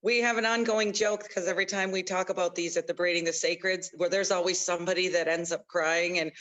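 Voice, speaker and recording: A woman's voice: lowish voice, fairly even intonation, a little fast, a bit bright, poor audio. A woman speaking on a video call panel in casual, joking banter. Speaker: conference panelist.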